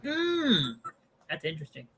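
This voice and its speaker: A woman's voice: deep voice, wildly swooping pitch, unhurried, fairly bright tone, a little hiss or hum, poor audio. A woman hosting a casual cooking podcast, teasing her co-host in a playful way. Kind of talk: casual chat.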